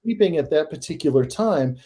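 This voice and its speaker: A man guest on a paranormal podcast, telling his stories in a casual, animated way that rises into excited emphasis. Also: on the high side, a little fast. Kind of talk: casual storytelling in a podcast interview.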